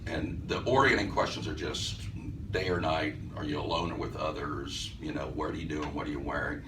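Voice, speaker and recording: A man with an extremely low voice recounts a class demonstration to a live audience, stopping to restart his sentences and playing out both sides of a conversation. He is picked up by a distant mic in an echoey room with a faint hiss. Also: steady tone, moderate pace. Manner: conversational, with frequent restarts and acted-out dialogue. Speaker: hypnosis instructor. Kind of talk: storytelling lecture to a live audience.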